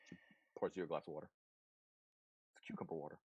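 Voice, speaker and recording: A man's voice: rumbling low, fairly even intonation, fast talker, darkish tone, husky, no echo, dull audio. A man narrating as game master of a tabletop game, loose and rambling, with many ums and restarts.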